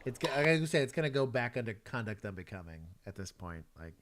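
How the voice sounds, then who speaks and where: A man giving relaxed, chatty commentary on police videos as a streamer. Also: medium pitch, fast, background noise. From Texas. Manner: relaxed, chatty, laughs often. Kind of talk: casual commentary.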